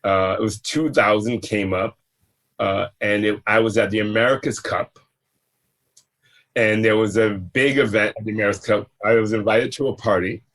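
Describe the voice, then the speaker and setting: A man in his fifties, from Massachusetts, telling his career story in a relaxed, conversational interview, with fillers and restarts. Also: on the low side, normal speed. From Massachusetts, USA. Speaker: entrepreneur guest.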